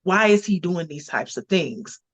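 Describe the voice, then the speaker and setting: A woman's voice: lowish voice, animated, unhurried, breathy edge, no room sound. A woman actress guest in a casual interview, talking earnestly and expressively and thinking aloud. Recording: dull, muffled lo-fi audio.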